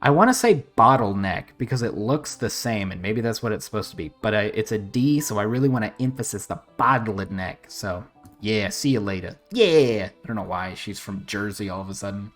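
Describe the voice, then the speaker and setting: A streamer casually commenting on a game while reading its text aloud, blunt and quick to swear and laugh. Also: medium pitch, faint music behind. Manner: blunt, swears, laughs, reacts loudly to choices.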